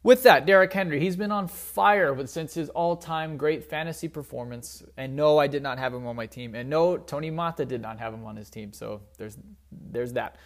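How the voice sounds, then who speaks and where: A man's voice: on the high side, normal speed. A young man hosting a solo sports podcast, rambling casually with fillers and restarts, joking at his own expense. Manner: rambling, self-deprecating, with many fillers and restarts. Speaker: podcast host.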